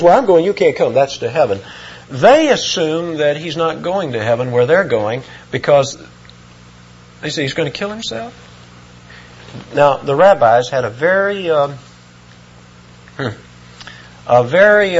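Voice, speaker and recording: A man delivers an expository sermon with a husky, slightly raised voice. His pitch swings widely as he reads scripture and stresses key words. The recording sounds dull and lo-fi. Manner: lively, emphatic, reads scripture aloud. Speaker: preacher.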